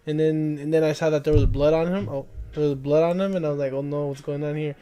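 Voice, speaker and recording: A man's voice: a little high, fairly even intonation, fast, mellow, clean tone. A young man casually telling a long, rambling story to friends, laughing as he goes.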